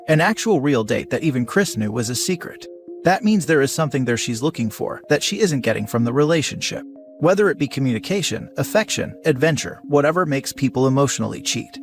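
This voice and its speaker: Man narrating a story, steady and even. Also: mid-range voice. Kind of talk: reading an online post aloud.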